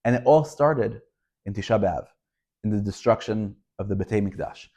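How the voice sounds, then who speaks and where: A rabbi teaches a Torah lesson in a storytelling style, speaking emphatically and pressing rhetorical questions as he tells stories. His voice is fairly low and warm, at a normal speed.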